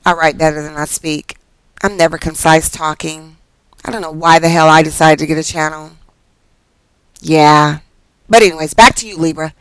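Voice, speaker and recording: A woman's voice: lowish voice, fairly bright tone, no room sound, rough recording. A woman reading tarot cards in a casual, rambling vlog, chatty and profane, laughing often and drifting off topic. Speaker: tarot card reader.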